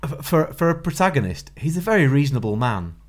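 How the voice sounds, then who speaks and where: A man co-hosting a casual film review podcast, talking in a relaxed, hesitant way. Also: on the high side, fast talker. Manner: relaxed, hesitant, with many fillers. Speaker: podcast co-host.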